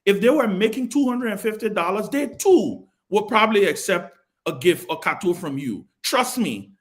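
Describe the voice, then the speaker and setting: A man's voice: high-pitched, big pitch swings, normal speed. A Liberian man chairing a televised panel debate, arguing with passion and repeating himself to hold the floor. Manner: passionate, repeats words while holding the floor. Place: television studio.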